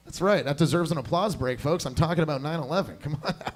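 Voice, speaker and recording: High-voiced guy doing stand-up. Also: quick pace, hardly any pauses. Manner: crude, rambling, self-mocking, chatty with the crowd. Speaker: stand-up comedian. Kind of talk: stand-up comedy set. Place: comedy club stage.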